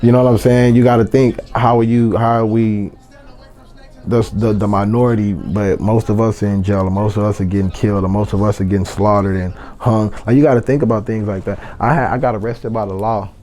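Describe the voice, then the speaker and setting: A man's voice: fairly low pitch, steady tone, fairly quick, dark tone, faint music behind. A man from San Antonio, a rapper, talking bluntly and profanely as an interview guest. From San Antonio, Texas. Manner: blunt and profane, heated storytelling. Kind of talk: casual interview chat.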